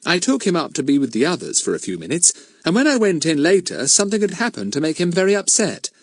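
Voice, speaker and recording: Man as a prim, fretful middle-aged mother, lightly raised pitch. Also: very animated, fast, no echo, studio quality. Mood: polite.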